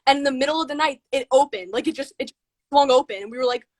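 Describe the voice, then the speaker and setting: A young woman, a guest on a livestream, tells a ghost story in a rushed, excited way, full of "like". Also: sits high, dry recording. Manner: excited, rushed telling with many "like"s.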